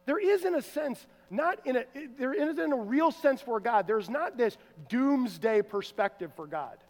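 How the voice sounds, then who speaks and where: A man with a notably high voice preaches a sermon, swinging between loud emphatic stretches and quiet, almost hushed asides. His voice carries a long reverb, as if filling a big sanctuary. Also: expressive, a little slow. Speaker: pastor.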